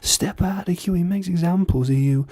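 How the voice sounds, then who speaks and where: A man's voice: high-pitched, brisk, a little mellow, dry recording, studio quality, voice pushed up. A man imitating a young Sheffield indie singer with a Sheffield accent, telling a wry street story.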